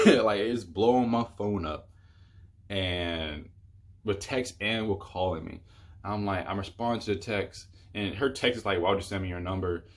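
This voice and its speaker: A man's voice: lowish voice, fairly bright tone. A young man telling a rambling, exasperated storytime on his vlog, full of fillers. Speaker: YouTuber.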